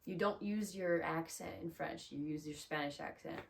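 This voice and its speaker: A woman's voice: low-pitched, moderate pace, gravelly, a little hiss or hum. A woman giving a casual, chatty video lesson as a Spanish teacher, upbeat and full of "like" and "um". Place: small closet room.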